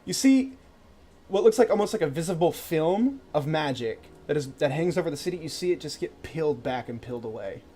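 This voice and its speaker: A man narrating a tabletop game as game master, lively and full of restarts. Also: fairly high pitch, a little fast. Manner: animated, restarts often.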